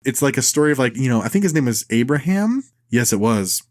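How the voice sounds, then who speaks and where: A man's voice: mid-range voice, big pitch swings, fast talker, a little mellow. A man co-hosting a podcast in casual chat, sarcastic and mocking, laughing often as he talks. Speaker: podcast co-host.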